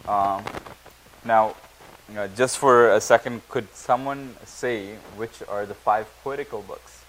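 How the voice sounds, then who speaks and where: Low-voiced man teaching, halting. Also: steady tone, fairly bright tone, slight background noise, low-quality recording. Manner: halting, many fillers and restarts. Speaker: Bible study teacher. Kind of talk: classroom teaching. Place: church classroom.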